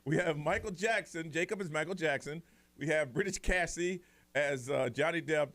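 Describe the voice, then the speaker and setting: A male morning radio host with a high, bright voice, running a call-in game with energy. He laughs often and paces it like a game show. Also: normal speed. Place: radio studio.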